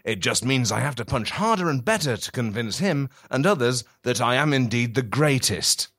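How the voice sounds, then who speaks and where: A boastful boxer, read by a man in his own voice. The delivery is slow and swaggering, with a lively rise and fall. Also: medium pitch. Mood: magnanimous.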